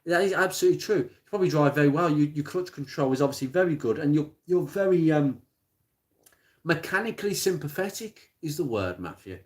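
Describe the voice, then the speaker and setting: A man chatting casually on a live stream about car parts, plain-spoken and rambling, with many pauses and restarts. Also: on the high side, animated. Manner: rattles off blunt practical advice. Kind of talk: casual live-stream chat answering viewer comments. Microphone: smartphone.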